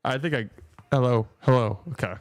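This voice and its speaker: A man's voice: mid-range voice, moderate pace, a little hiss or hum. A young man hosting a live stream watch party, chatting and joking casually with viewers.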